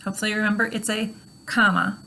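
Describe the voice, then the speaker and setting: Bright-voiced woman teaching grammar. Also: medium pitch, fast talker, vocal fry, slight background noise. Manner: steady, explanatory, with frequent fillers. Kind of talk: recorded grammar lesson.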